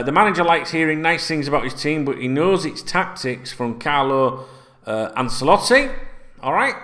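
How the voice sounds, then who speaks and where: A middle-aged man rambles through fan chat, swearing freely. His pitch sits a bit high and swings widely. He talks casually to his viewers like an old mate. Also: fairly bright tone. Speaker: fan channel host.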